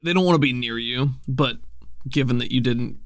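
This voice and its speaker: A man narrating a tabletop game as game master in a relaxed, descriptive way with many fillers. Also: mid-range voice, moderate pace, no room sound, clean studio sound.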